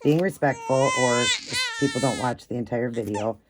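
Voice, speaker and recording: A woman's voice: rumbling low, huge pitch swings, normal speed, heavy background noise. A woman vlogging as she cares for a baby doll, chatting in a soothing way and often repeating herself. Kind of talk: casual doll-care vlog. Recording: loud baby crying behind.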